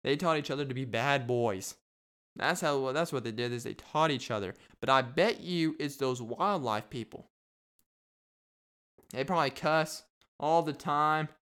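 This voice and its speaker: A young man talks through his own solo podcast, jumping from joke to joke and laughing at his own lines. His voice is smooth and clean, sitting at an ordinary middle pitch. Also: fairly bright tone. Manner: rambling and jokey, laughs at his own bits. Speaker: podcast host. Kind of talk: casual solo podcast monologue.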